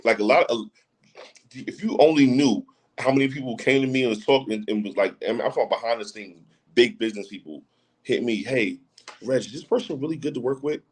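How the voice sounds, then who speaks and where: This podcast guest's medium-pitched voice has a breathy edge, and he speaks fairly quickly over a rough recording. Chatting casually, he keeps repeating phrases with emphasis and often checks whether you get what he's saying.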